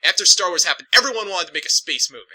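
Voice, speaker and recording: A man's voice: high-pitched, animated, racing, sharp tone, breathy edge, no room sound, rough recording. A man reviewing films in a casual, digressive, profane ramble. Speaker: film reviewer.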